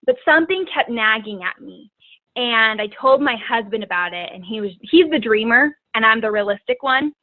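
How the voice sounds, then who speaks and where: A woman tells her own story as a guest speaker, chatty and loose, leaning on filler words. Her voice sits a bit high and comes through thin, as if over a phone line. The sound is dry with no room around it. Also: animated, normal speed, dry recording. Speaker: guest speaker, fitness coach. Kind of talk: personal testimony talk.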